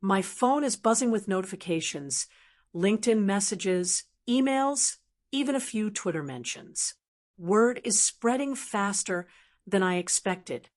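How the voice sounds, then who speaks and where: Throughout this scripted first-person story, the narrator, a woman with a mid-range pitch, reads in an even, measured way.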